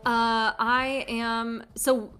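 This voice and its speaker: A woman playing a tabletop game who speaks slowly and hesitantly, with many fillers. Her voice sits a little high, over faint music. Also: level tone, a bit bright, clear, resonant tone. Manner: hesitant, unhurried. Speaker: player. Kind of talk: casual tabletop play.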